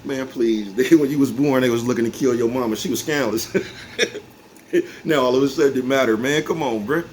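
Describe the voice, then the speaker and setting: A man in his forties, speaking fairly quickly at medium pitch with a darkish tone, delivers a relaxed, meandering vlog to his viewers. Laughing to himself often, he keeps asking whether they're following, repeating "you know what I'm talking about." Faint background noise can be heard.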